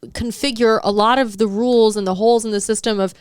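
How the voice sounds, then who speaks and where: A woman's voice: fairly high pitch, fairly even intonation, fast talker, clean tone, no echo, clean studio sound. A woman co-hosting a podcast in casual chat, sarcastic and opinionated, often reading comments aloud. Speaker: podcast co-host.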